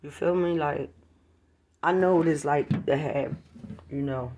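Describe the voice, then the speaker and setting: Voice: mid-range voice, unhurried, darkish tone, muffled recording, a little hiss or hum. A vlogger recording at home on a handheld phone, talking casually to viewers in a rambling, profane way and calling them y'all. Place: at home, near a street.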